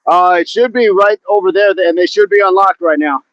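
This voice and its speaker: A high-voiced man talks fairly quickly while hosting an outdoor workout livestream, and the audio has its highs cut off. Between casual remarks to viewers he grunts through his rep counts, a little winded.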